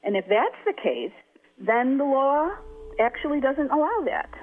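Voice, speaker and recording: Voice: high voice, sing-song, unhurried. A language expert arguing assertively in an interview. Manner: assertive, argumentative. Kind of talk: opinionated interview talk. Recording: phone-like narrow band.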